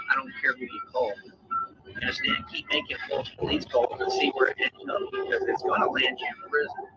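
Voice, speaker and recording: A man delivering a confrontational, profane rant, taunting and repeating his challenges. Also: extremely high pitch. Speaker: ranting video poster. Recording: lo-fi clip under loud music.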